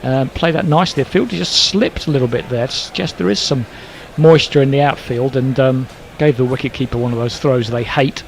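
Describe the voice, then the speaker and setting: A man's voice: medium pitch, creaky, a little hiss or hum, low-quality recording. A man from Northern Ireland with a Northern Irish accent, commentating ball by ball on a cricket match and trading dry jokes between deliveries. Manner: brisk play-calling mixed with dry jokes. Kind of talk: live cricket commentary with banter.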